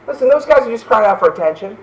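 A man's voice: extremely high pitch, lively intonation, fast talker, a little mellow, recorded from a distance, muffled recording. A man preaching a fervent sermon as pastor, often tossing in "right?" asides.

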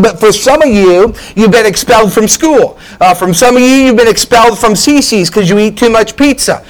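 A man preaching a sermon, energetic and exclamatory, peppering his talk with "hey" and "man". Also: high voice, brisk, few pauses, poor audio.

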